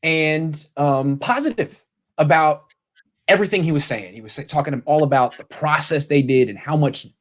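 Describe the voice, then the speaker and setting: A man hosting a casual sports talk show, animated and quick to paraphrase what others said. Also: on the high side. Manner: animated, quotes people in paraphrase. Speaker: sports podcast host.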